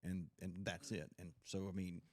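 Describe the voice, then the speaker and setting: A Coast Guard veteran, rambling through stories in a casual podcast chat, with lots of fillers and restarts. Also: male voice, deep voice, level tone, normal speed, dry recording, studio quality. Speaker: podcast host.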